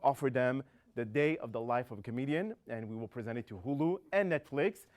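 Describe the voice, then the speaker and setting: A man's voice: mid-range voice, a little fast, darkish tone. Man hosting a comedy show. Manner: loose, rambling, laughs at his own jokes. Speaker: show host. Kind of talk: casual hosting with jokes.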